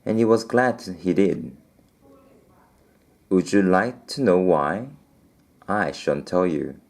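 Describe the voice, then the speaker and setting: A man's voice: sits low, expressive, takes it slowly, vocal fry, a little mellow. A man reading a children's storybook aloud, with playful asides to the listener.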